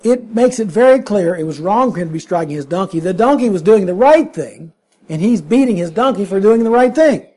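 A man's voice: high voice, lively intonation, fairly quick, warm tone. A man preaching a sermon, emphatic and full of rhetorical questions.

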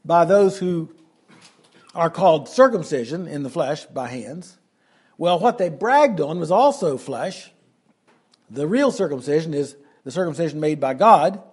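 A man preaching an expository Bible lesson, slowing down to stress key phrases. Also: on the high side, lively intonation, slightly rough.

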